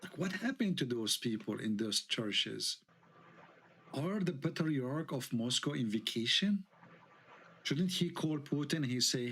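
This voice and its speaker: Heated guy w/ tinged ranting on his online show, keeps firing questions, mid-pitch voice. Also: lively intonation, measured pace, fairly bright tone, husky. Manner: heated, indignant, rhetorical questions. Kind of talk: live online debate talk.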